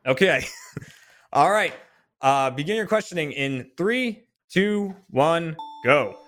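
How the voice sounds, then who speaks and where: A man's voice: on the high side, expressive, takes it slowly, a bit bright. A man from the area hosting a casual online game show, laughing easily as he talks. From Boston area, USA. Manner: laughs often, easygoing. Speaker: game host.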